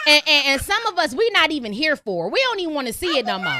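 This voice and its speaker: A woman's voice: high voice, sing-song, fast, hardly any pauses, background noise. A woman hosting a call-in podcast, ranting in a blunt, profane way and repeating lines for emphasis. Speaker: podcast host. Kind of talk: opinionated call-in podcast monologue.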